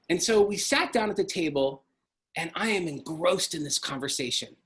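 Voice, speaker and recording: A man's voice: a little high, expressive, moderate pace, fairly bright tone. A middle-aged man telling a personal story in an earnest, emotional way. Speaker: speaker.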